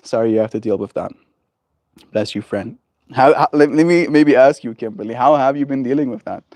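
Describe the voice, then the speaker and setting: A man streaming live from a porch, chatting with his viewers in a gentle, rambling way full of fillers. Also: medium pitch, fairly quick, no echo, clean studio sound. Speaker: livestreamer. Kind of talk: casual chat with viewers. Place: outdoors on a porch.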